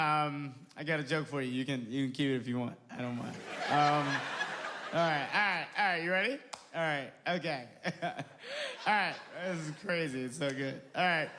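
A man's voice: on the high side, lightly acted. Guy doing a bumbling dad stuck on his own bad joke, stalling and giggly, live club noise. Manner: stalling, repeating filler, giggling at himself. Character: fumbling middle-aged dad telling a bad joke.

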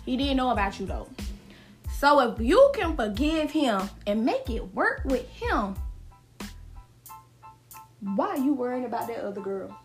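A woman's voice: on the high side, sing-song, measured pace, long pauses, faint music behind. A woman hosting a casual solo gossip podcast, sassy and slangy, repeating lines for emphasis. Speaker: podcast host.

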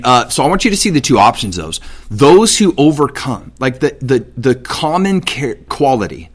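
Male Bible teacher, casual and animated, middle pitch, conversational podcast teaching. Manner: animated, paraphrases God in everyday speech.

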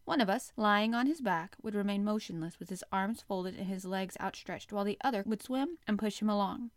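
A woman narrating a classic adventure novel aloud in the first person, with expressive, dramatic storytelling. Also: medium pitch, brisk, no echo, clean studio sound. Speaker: audiobook narrator.

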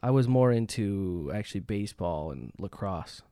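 A man from Canada, a composer and guest on a podcast, explaining things in a relaxed casual chat. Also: fairly low pitch, moderate pace, clear, resonant tone, dry recording, clean studio sound. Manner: relaxed, explanatory, soft-spoken at times.

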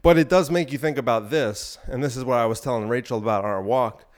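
A man's voice: medium pitch, fast. A young man hosting his podcast, ranting crudely with many asides while exercising on an elliptical. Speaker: podcast host. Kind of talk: rambling solo podcast talk.

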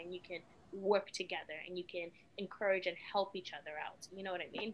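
A young woman from West Africa, a mother talking as a guest in a casual, expressive interview. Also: mid-range voice, a little hiss or hum, low-quality recording. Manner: animated and expressive, with frequent "you know what I mean".

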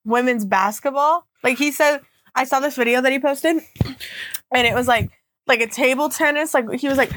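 Chatty young woman, slightly high voice. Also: normal speed, fairly bright tone, a little hiss or hum. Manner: chatty storyteller, heavy use of "like". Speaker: podcast co-host. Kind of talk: casual chat.

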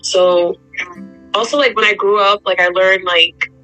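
A woman's voice: medium pitch, steady tone, a little slow, sharp tone, faint music behind, low-quality recording. A woman on a casual faith chat, speaking thoughtfully and meandering with many fillers. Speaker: guest.

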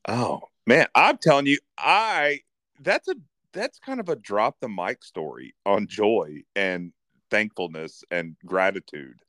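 Expressive man reacting with enthusiasm. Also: fairly low pitch, slow, no echo, clean studio sound. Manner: laughs easily, enthusiastic reactions. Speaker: podcast co-host. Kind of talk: casual chat.

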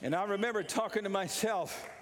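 A pastor preaching an impassioned sermon, repeating his points and rising to shouts. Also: sits high, fairly quick, noisy background. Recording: long reverb of a large hall.

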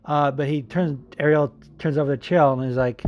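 A man's voice: on the high side, steady tone, normal speed, few pauses, a little mellow, no room sound, studio quality. A man hosting a podcast in casual chat, rambling with lots of fillers and swearing. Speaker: podcast host.

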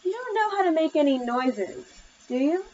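An overprotective storybook mother, nervous and strict, played by a woman narrator. She talks high and insistent. The sound is a little muffled and lo-fi. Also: animated, brisk, slight background noise. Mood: worried. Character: anxious, strict, protective mother. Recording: slightly muffled lo-fi recording.

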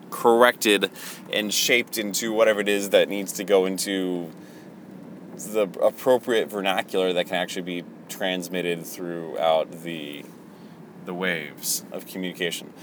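A man's voice: fairly low pitch, a little hiss or hum. A man hosting a Christian podcast, speaking in a rambling, hesitant, casual monologue full of fillers and restarts.

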